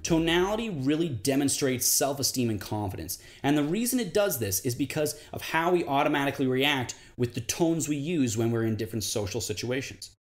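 A man teaching a confidence class in a loose, conversational way. His voice sits at an ordinary middle pitch. Now and then he stops to imitate how other people sound. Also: expressive, fairly quick, hardly any pauses, soft background music. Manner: conversational, demonstrates tones by mimicking high-pitched greetings. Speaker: confidence coach lecturer. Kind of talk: casual lecture to camera.

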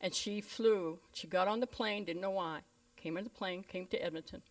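A woman pastor from Canada, with a voice on the low side and a normal speaking speed, shares stories in her sermon. She animates them by taking on the voices of the people involved. The recording places her a bit away from the microphone.

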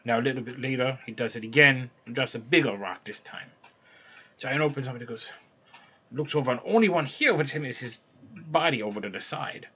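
A man's voice: medium pitch, lively intonation, fairly quick, pushed and bright, slightly rough. A man casually retelling a fairy tale in a loose, conversational way, with restarts as he goes. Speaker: storyteller. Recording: dull lo-fi recording.

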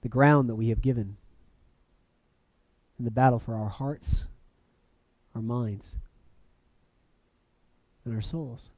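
A man preaching a reflective sermon, letting phrases fall soft and then lifting sharply for emphasis. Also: medium pitch, slow, long pauses, no room sound. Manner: reflective, with soft dropping phrase ends and sudden lifts.

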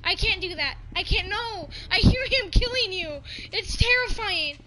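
Very high, bright-voiced young woman gamer. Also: expressive, a little slow, a little hiss or hum. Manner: jumpy, shrieking when scared, slangy. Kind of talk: casual gaming chat.

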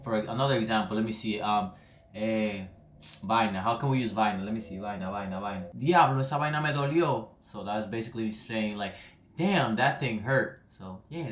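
A man's voice: lowish voice, fairly bright tone, a little hiss or hum. A young Dominican man, talking to the camera in a loose, rambling vlog and trailing off at the ends of his phrases. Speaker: vlogger. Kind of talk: casual vlog explainer. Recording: echoey room.

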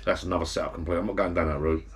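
A man's voice: sits low, steady tone, very fast. A man, rambling through pub stories to camera in his backyard garden bar. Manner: chatty, meandering, blokey storytelling with self-corrections. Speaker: vlogger. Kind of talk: rambling anecdotal monologue to camera.

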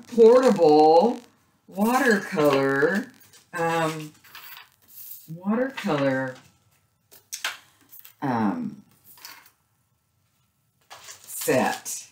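A middle-aged woman chatting casually as she unboxes craft supplies, gushing excitedly with little gasps and cries of delight. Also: sits low. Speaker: craft vlogger unboxing a subscription box. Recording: echoey room with faint noise.

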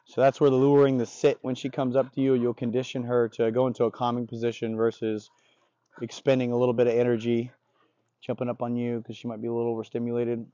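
A man's voice: medium pitch, monotone, fast talker, mellow, no room sound. A man working as a dog trainer, explaining his methods in blunt, casual talk with the odd swear word. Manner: blunt, profane, confident explaining. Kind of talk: casual on-the-job instruction. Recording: dull lo-fi recording.

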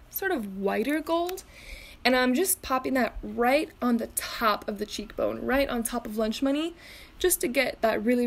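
Young woman chatting thru her makeup routine, kinda high voice, casual and a bit scatterbrained. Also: a little hiss or hum. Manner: chatty, loses words and laughs at herself. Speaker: beauty vlogger. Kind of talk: makeup tutorial voice-over.

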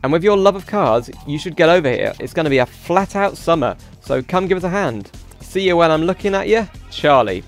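A friendly uncle, once a famous racer and now a garage mechanic, read out by a man. The lines are spoken plainly, with no accent put on, in a fairly high voice. Faint music plays underneath. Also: expressive, fairly quick, few pauses. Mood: cheery.

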